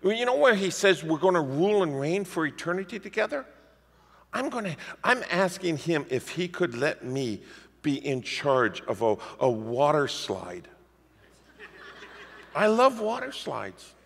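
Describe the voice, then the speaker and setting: Male preacher with a gravelly edge, animated storyteller, heard in a reverberant church hall. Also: a little high, a little slow. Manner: lively storytelling preacher, animated swings in loudness. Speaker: pastor. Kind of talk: sermon.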